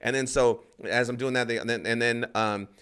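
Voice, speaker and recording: A man's voice: medium pitch, fairly even intonation, fairly quick, a bit bright, clear, resonant tone. A man, a stand-up comedian, telling a rambling story in casual podcast talk, acting out other people's lines and swearing freely.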